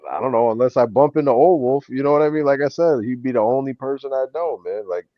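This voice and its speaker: A man's voice: mid-range voice, quick pace, no room sound, dull audio. A man from Springfield, Massachusetts with a Western Massachusetts accent, chatting as a co-host, rambling and swearing with lots of "like". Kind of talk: casual chat.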